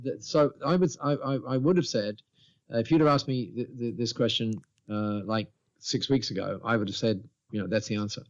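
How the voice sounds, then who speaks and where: A man in his seventies, a podcast guest telling stories with lively quoted dialogue and many restarts. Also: medium pitch, fairly quick, lo-fi sound. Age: 70s. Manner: animated storyteller, lively quoting of others, many restarts. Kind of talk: storytelling in a podcast interview.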